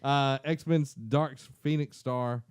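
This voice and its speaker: A man's voice: medium pitch, steady tone, slow, clean tone, dry recording. A young man co-hosting a podcast in casual chat, joking and laughing often. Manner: jokey, laughs often, puts on silly voices. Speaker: podcast co-host.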